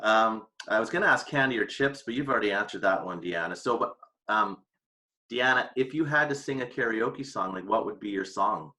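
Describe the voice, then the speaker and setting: A man hosting a casual quick-question chat with colleagues, playful and teasing. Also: on the low side, bright, forceful tone. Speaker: host.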